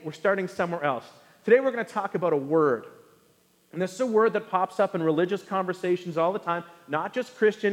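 A male pastor giving an animated sermon to a congregation, acting out quoted voices for humor. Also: sits high. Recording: hall with long reverb.

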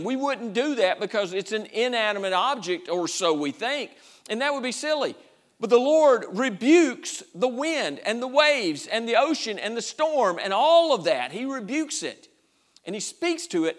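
A man's voice: high-pitched, a bit bright. A middle-aged man preaching a sermon in a folksy, conversational way. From Georgia. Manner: folksy, conversational, drawling with y'all and ain't. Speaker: pastor.

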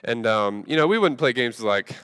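A man preaching a sermon, telling a funny story in a relaxed, conversational way with lots of fillers. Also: medium pitch, a little fast, clean tone. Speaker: pastor. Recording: long reverb from a large hall.

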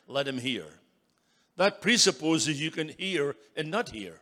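A man in his sixties preaching as a guest speaker, emphatic and building to loud calls for an amen. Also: fairly high pitch, expressive, unhurried. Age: 60s. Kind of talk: sermon.

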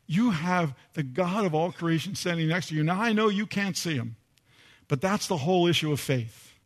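An older man preaching a sermon, telling a personal story and repeating phrases for emphasis. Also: sits high. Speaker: pastor.

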